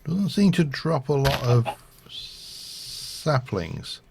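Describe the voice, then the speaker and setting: A man's voice: mid-range voice, big pitch swings, extremely slow, vocal fry, noisy background. A man streaming a game, rambling and thinking aloud with lots of fillers as he plays. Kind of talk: casual gameplay commentary.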